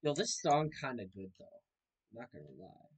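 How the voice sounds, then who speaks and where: A man's voice: medium pitch, expressive, normal speed, husky. A young man casually commenting while he plays a video game, joking and reacting aloud to what happens on screen. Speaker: gaming video host. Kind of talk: casual let's-play commentary.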